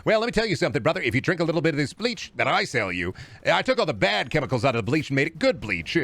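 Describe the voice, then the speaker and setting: A man voicing a smooth, wheedling old-timey male salesman pushing a dubious cure. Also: big pitch swings, rapid-fire, a bit bright, heavily acted. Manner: smooth, wheedling pitchman patter. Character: fast-talking old-timey male snake-oil salesman.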